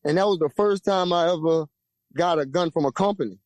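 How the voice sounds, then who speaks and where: A young man from Louisiana with a Louisiana accent, telling a profane, lively story as a podcast guest and acting out the voices of the people in it. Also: a little fast, dry recording. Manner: lively, profane, acts out quoted voices with big pitch jumps. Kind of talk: animated storytelling.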